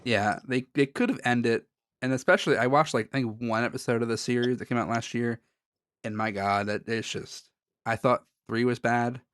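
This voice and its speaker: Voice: medium pitch, steady tone, normal speed, no echo, studio quality. A podcast co-host in casual chat, rambling and cutting in on himself, laughing often.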